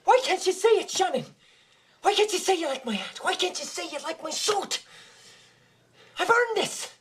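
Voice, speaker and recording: A woman's voice: very high voice, big pitch swings, normal speed. A vain pleading young woman. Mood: insistent.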